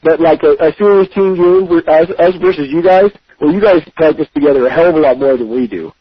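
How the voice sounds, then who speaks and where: A man's voice: a little high, fast, breathy edge, dry recording, dull audio. A man being interviewed as a game developer, talking casually with many fillers and restarts, choosing his words with care.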